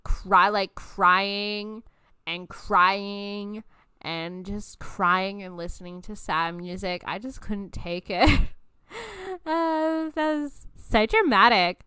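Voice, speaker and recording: A woman's voice: mid-range voice, slow pace, pushed and bright, clean tone, dry recording. A woman in her twenties hosting a podcast, telling personal stories in a loose, chatty way, swearing freely and laughing often. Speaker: podcast host. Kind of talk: casual storytelling chat.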